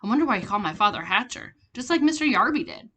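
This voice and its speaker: A woman reading a children's chapter book aloud, steady with small slips and restarts. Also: fairly high pitch, fast talker, slight background noise. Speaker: reader.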